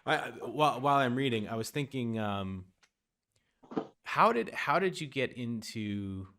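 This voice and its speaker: A man's voice: medium pitch, animated, unhurried, a crowd in the background. A man hosting a casual interview chat, talking in a laid-back way that trails off. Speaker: host.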